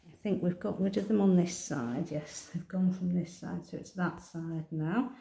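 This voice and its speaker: A woman cat groomer, soothing a kitten in baby talk and calmly explaining each step as she clips him. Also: on the low side, normal speed, vocal fry, slight background noise. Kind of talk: narrated grooming demonstration. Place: indoor grooming room. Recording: roomy room with electric clipper buzz.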